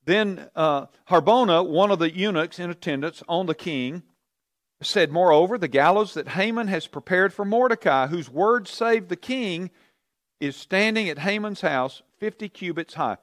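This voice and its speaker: A man's voice: high-pitched, expressive, normal speed, no room sound, clean studio sound. A man teaching a Bible study, telling the story with energy and asking his class questions.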